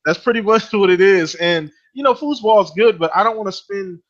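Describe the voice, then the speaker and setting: Brief: male co-host, easygoing and hesitant, high-pitched, heard on muffled lo-fi audio. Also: a little fast. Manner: easygoing, hesitant, many fillers. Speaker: podcast co-host. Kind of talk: casual gaming chat.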